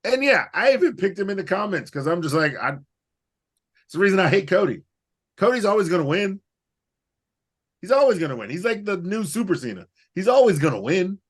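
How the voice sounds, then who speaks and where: A man co-hosting a podcast in casual chat, animated and profane, rambling through his points. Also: sits high, fairly quick, long pauses, breathy edge. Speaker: podcast co-host.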